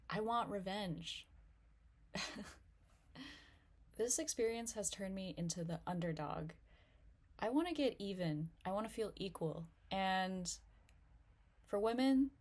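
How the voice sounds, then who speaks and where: A woman's voice: mid-range voice, darkish tone. Chatty self-deprecating young woman doing stand-up. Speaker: stand-up comic. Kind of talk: stand-up comedy set.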